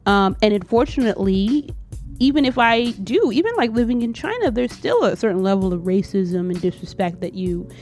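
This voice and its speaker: A woman's voice: mid-range voice, animated, brisk, a little mellow, faint music behind. A woman hosting a casual interview, talking in a supportive, reassuring way over a remote call. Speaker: host. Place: home in a city, remote call.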